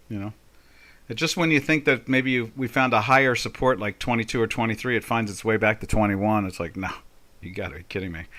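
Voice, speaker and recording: A man's voice: medium pitch, a bit bright. An older man hosting a live trading session, giving casual market commentary with folksy, jokey asides and mock exasperation. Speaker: trading webinar host.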